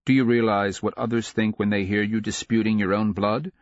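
A man's voice: fairly low pitch, little pitch movement, brisk, no echo, lo-fi sound, lightly acted. A man voicing a stern, anxious noble mother who is an empress, speaking firmly and admonishing a child in an audiobook. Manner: firm, admonishing. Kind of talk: audiobook character reading.

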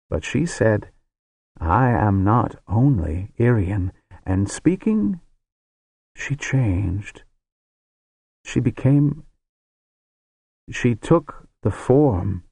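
A man voicing a grave male wizard who tells a story with solemn, hushed awe. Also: lowish voice, gravelly, slightly rough, no echo, heavily acted.

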